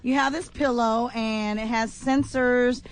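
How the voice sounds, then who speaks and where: A woman's voice: a little high, steady tone, measured pace, slight background noise. A woman co-hosting a radio show, giggling often while she explains things in casual banter. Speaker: radio co-host.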